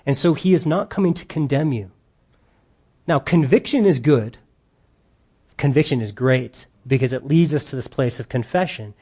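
A man's voice: mid-range voice, normal speed, a little mellow, husky. A man preaching a sermon to his congregation, earnest and emphatic, with the odd joking aside. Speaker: pastor.

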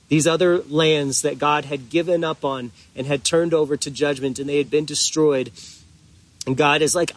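Male pastor, sermon delivery, unhurried and earnest, a touch higher-pitched. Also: steady tone, a bit bright, dry recording. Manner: slow, earnest preaching with drawn-out emphatic pauses.

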